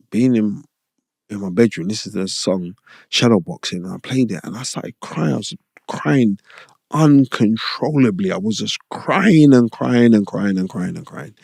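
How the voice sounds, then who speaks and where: A middle-aged man with a low, gravelly voice talks through his boxing days in a relaxed interview. He rambles warmly and keeps throwing in "you know what I mean?" The sound is close and dry, with no room around it. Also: no room sound. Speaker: former boxer, podcast guest. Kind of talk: casual interview storytelling.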